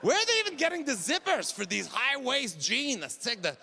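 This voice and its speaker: A man in his forties with a Quebec French accent, doing an exasperated, ranting stand-up set and shouting his punchlines. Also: very high-pitched, sing-song, moderate pace, gravelly. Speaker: stand-up comedian. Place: comedy festival stage. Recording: noisy live stage recording.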